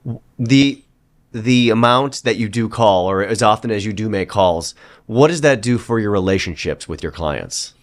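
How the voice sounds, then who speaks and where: A man hosting an interview, asking questions in a measured, conversational way. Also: fairly low pitch, lively intonation. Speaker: podcast host.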